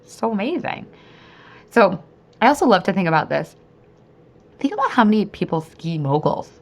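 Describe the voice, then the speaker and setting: A woman in her thirties hosting a solo podcast, chatty and upbeat, with lots of fillers and sudden high excited bursts. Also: moderate pace. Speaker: podcast host and weight-loss coach. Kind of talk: solo podcast pep talk.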